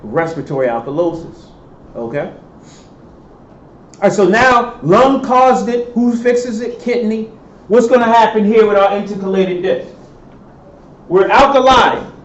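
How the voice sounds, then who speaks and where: A male professor giving a classroom lecture, quizzing students and answering his own questions. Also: high voice. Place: lecture hall. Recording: echoey lecture hall, dull sound, faint hiss.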